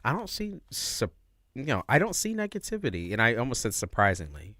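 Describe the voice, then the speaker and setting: A man's voice: medium pitch, huge pitch swings, brisk, bright, forceful tone, no echo, clean studio sound. A man giving a casual livestream tarot reading, talking in slang, with lots of expression and frequent laughs. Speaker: tarot reader.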